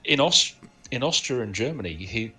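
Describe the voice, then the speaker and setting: A male film podcast co-host shares movie trivia in a casual, anecdotal way, knowledgeable and laughing often. His medium-pitched voice has lively intonation at normal speed, sounding pushed and bright, with faint music behind him.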